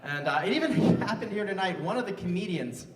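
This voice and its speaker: A man's voice: high voice, animated, fairly quick. Roomy, distant stand-up comic in his fifties. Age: 50s. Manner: self-mocking, banters with the crowd. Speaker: stand-up comedian. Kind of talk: live stand-up set. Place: large live music venue on stage. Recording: roomy venue sound from a distance.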